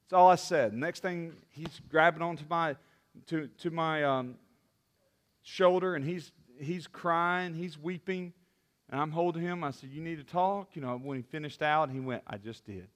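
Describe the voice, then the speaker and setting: A man preaching a sermon as a youth pastor, impassioned, with restarts, swinging from loud to hushed. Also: fairly high pitch, normal speed.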